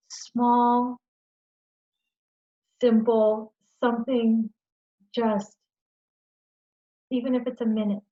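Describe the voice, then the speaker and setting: A woman presenting a webinar for caregivers, talking in a gentle, reassuring way and often checking in with "okay?". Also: fairly high pitch, highs cut off. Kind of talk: educational webinar talk.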